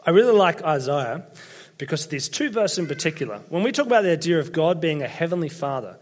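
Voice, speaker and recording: A man's voice: on the high side, animated, moderate pace. A young Australian man giving a casual sermon, telling chatty, self-deprecating stories to a church congregation. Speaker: preacher.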